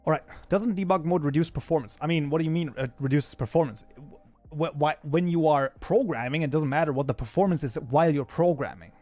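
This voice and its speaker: A man's voice: a little high, fairly quick, mellow, no echo, faint music behind. A man whose first language is German, chatting casually with his live-stream chat while coding, often breaking into mock outrage. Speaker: streamer, mod programmer.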